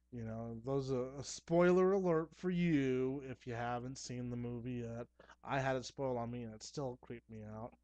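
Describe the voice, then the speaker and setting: A young man talking casually to camera at home, chatty and excitable, with playful asides. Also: mid-range voice, dry recording. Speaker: horror movie vlogger. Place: dim room at home.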